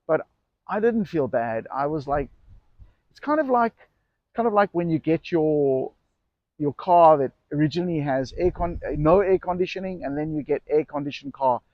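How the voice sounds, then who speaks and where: Speaking at a normal speed in a slightly high voice, this middle-aged e-bike shop owner rambles through a personal anecdote for the camera, fixing his own words and performing the quoted lines. The audio has no echo but sounds lo-fi.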